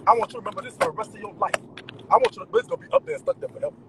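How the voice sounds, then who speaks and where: A man venting to his viewers in an animated, profane, emphatic rant. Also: extremely high pitch, racing, gravelly, noisy background. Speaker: vlogger. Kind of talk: ranting straight to camera.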